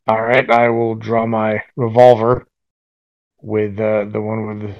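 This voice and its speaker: A man's voice: fairly low pitch, completely flat delivery, unhurried, clear, resonant tone, no room sound. A man playing in a tabletop role-playing game, talking hesitantly and restarting his sentences. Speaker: player. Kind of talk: casual tabletop play. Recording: dull lo-fi sound.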